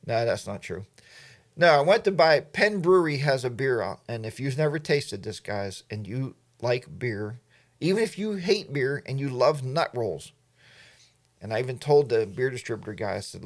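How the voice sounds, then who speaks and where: A man's voice: mid-range voice, big pitch swings, moderate pace. A man hosting a casual livestream, reading viewer comments and rambling off topic. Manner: rambling, admits he goes off topic. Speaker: livestream host.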